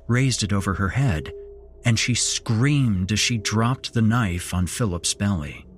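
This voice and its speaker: Slow, low-voiced male horror narrator. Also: a little hiss or hum. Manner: slow, measured storytelling. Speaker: podcast host and narrator. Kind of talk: scripted horror story narration.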